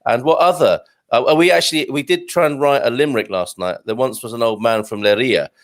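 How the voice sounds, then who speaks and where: A man's voice: medium pitch, a little fast. A middle-aged man hosting a casual live stream, joking and reading out viewer comments. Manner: jokey, reads out viewer comments. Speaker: show host.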